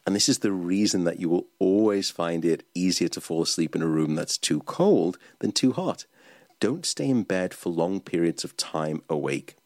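A man, a sleep expert, giving calm, instructive advice. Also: sits low, no room sound. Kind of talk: explanatory advice talk.

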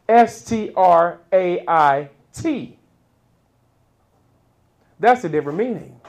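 A man preaching a sermon at an unhurried pace. His pitch swings widely, and he chuckles between points before jumping to loud peaks on the key lines. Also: lively intonation.

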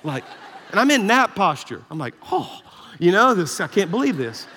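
A man with a Southern American accent preaching a sermon as pastor, telling a story in an animated, self-deprecating way and laughing often. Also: sits high, moderate pace. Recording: echoey hall reverb.

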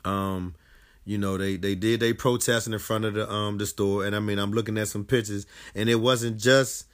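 A man giving heated, casual commentary on a news story, speaking in with plenty of profanity and animated outbursts. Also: on the low side, moderate pace.

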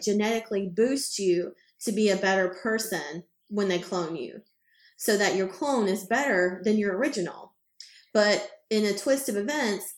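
Female podcast co-host, mid-range voice, loose and chatty, fillers and swearing, roomy sound. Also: medium pitch. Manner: rambling, chatty retelling with lots of "like" and casual swearing. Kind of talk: casual chat.

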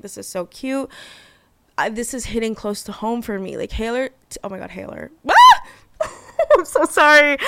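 A chatty young woman talks on her solo podcast, gushing and peppering her speech with fillers and casual swearing. Her voice is smooth and clear, recorded close and dry with no room sound. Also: medium pitch, no echo. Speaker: podcast host.

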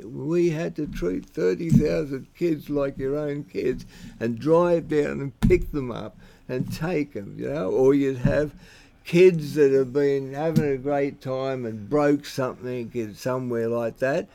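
Gravelly older Australian man reminiscing. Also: medium pitch, a little slow, warm tone. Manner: colloquial and blunt, with frequent restarts and swearing. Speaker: interviewee recalling his security and police work. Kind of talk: rambling spoken reminiscence.

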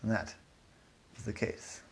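A man narrating an improvised children's story in a soft, low-key way, with small restarts. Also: measured pace, a little hiss or hum.

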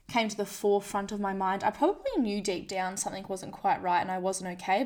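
A woman speaking in a candid personal monologue, frank and self-deprecating, often quoting her own inner voice. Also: medium pitch. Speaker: vlogger sharing a personal story.

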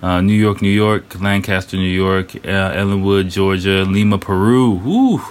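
Deep-voiced rambling podcast host, man. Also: flat delivery, moderate pace, clear, resonant tone. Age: 30s. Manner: loose and rambling, many fillers and restarts, slang like "y'all". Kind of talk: casual solo podcast talk.

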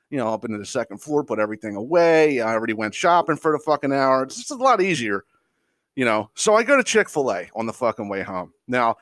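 A podcast host rants casually and heatedly, swearing constantly and stammering when he gets worked up. His mid-range voice has a fairly bright tone. The clean studio sound has no echo.

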